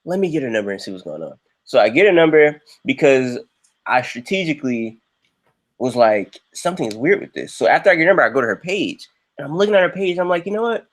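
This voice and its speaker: A young man hosting a livestream, telling a story in a casual, animated way and jumping into high voices when he quotes people. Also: fast talker. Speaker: livestream host.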